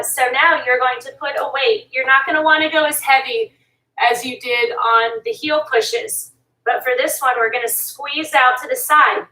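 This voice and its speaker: A woman's voice: sits high, sharp tone. A woman fitness instructor coaching a workout while exercising along, urging listeners not to quit. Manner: motivating, pushes listeners to keep going. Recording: echoey room, distant from mic.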